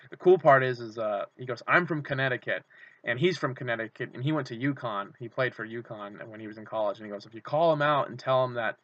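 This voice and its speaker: A young man vlogging, rambling through an excited story and acting out his own shouts. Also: medium pitch, fast talker. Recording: dull lo-fi camera audio.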